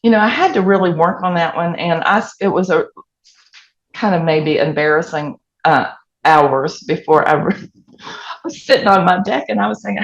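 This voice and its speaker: A woman pastor with a Southern US accent and a fairly low, gravelly voice preaches at normal speed through personal stories, animated and laughing in her asides. The recording is dull and lo-fi, like a church sound system.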